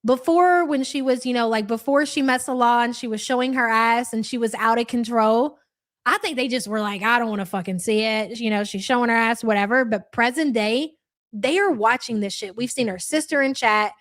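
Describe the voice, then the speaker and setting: Brief: young woman, fairly high voice, blunt and profane reaction-stream host. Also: normal speed, fairly bright tone. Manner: blunt, swears freely. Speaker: livestream host. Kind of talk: live reaction commentary.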